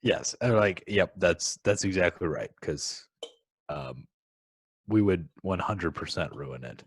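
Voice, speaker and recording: Low-voiced, hesitant podcast co-host man. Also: slow, husky, no echo. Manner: hesitant, full of ums and likes. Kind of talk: casual film review chat.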